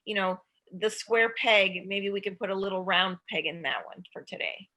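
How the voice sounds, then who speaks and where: A woman speaking as an expert guest, giving calm parenting advice and acting out what parents and children might say. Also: medium pitch, moderate pace. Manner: acts out child and parent voices. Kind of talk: advice talk.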